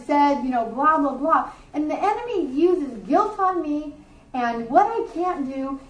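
A middle-aged woman, a Bible teacher, gives a sermon to a group in a warm room, earnest and conversational with offhand asides. Her high voice sounds reverberant and distant, on a rough recording.

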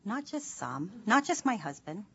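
A woman's voice: mid-range voice, sing-song, moderate pace, bright, forceful tone. A woman leading a Bible study in an earnest, chatty way, with many fillers as she talks. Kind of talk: informal devotional teaching. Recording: slightly dull recording with faint noise.

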